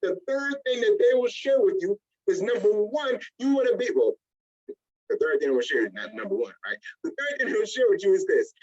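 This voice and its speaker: A man's voice: high voice, a little fast, lo-fi sound. A man leading a motivational business training, acting out little scenes in different voices as he goes. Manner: animated, acts out little scenes in other voices. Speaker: network marketing trainer.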